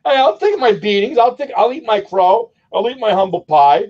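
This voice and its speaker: A man on a casual podcast who rambles, stops and starts, and pokes fun at himself, swearing freely. His voice is high for a man, with lively swings in pitch. The recording sounds dull and lo-fi. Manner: rambling, halting, self-deprecating, swears. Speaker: podcast co-host. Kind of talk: casual chat.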